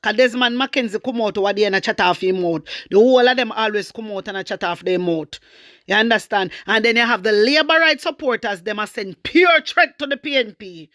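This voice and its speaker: A woman's voice: medium pitch, a little fast, fairly bright tone. A woman with a Jamaican accent giving fiery political commentary, slipping between Patois and English and throwing in repeated rhetorical questions. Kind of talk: opinionated commentary vlog.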